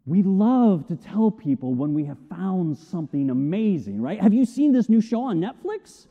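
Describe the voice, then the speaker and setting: Middle-aged male pastor, high and very expressive voice, long hall reverb. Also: moderate pace, hardly any pauses. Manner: animated storytelling, acts out shouted quotes. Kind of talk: sermon. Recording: tinny phone-like sound with long hall reverb.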